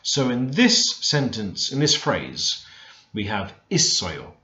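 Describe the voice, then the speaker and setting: A man teaching beginner vocabulary in a relaxed, thinking-aloud way, often stopping to correct himself. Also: on the low side, normal speed. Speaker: language learner teaching Korean. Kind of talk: screen-recorded language lesson. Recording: roomy, dull lo-fi screen recording.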